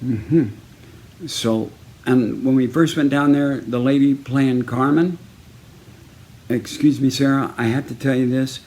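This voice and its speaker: A man from Texas telling a story in a casual personal video message, in a lively way, acting out each person he quotes. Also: mid-range voice, slow pace. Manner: lively, acts out each person in the story with raised, punchy delivery.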